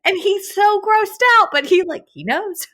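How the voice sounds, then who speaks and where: A woman in her thirties with a very high, sharp voice hosts a podcast from her kitchen table, speaking unhurriedly. The interview chat is casual, and she's effusive and giggles often.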